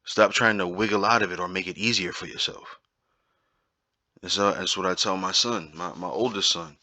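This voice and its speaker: A man's voice: low-pitched, moderate pace, pushed and bright, no echo. A man giving an informal Bible teaching, talking emphatically and repeating his points, often checking in with "right?". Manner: emphatic, repetitive, keeps asking "right?".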